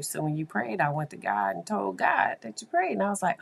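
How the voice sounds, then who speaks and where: A woman with an unusually deep, low-pitched voice tells a story in a relaxed monologue. She talks in an animated, confiding way and often turns aside to her listeners. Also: brisk, vocal fry, few pauses. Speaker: therapist.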